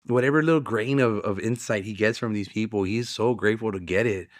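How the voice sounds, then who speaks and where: A man's voice: lowish voice, fairly quick, dry recording, studio quality. A man co-hosting a casual comics podcast, rambling and joking, slipping into silly voices now and then. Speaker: podcast co-host. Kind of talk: casual chat.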